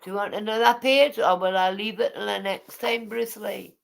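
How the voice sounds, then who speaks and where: A woman's voice: mid-range voice, fairly even intonation, moderate pace, creaky. Chatty woman reading aloud. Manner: chatty, digressive, teasing asides. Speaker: vlogger reading her memoir aloud.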